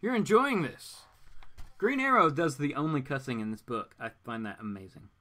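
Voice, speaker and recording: A man hosts a casual comic reading, breaking in with chatty remarks between the quoted lines. His voice is bright and forceful, at a middle pitch. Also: huge pitch swings, brisk. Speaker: comic reader, channel host.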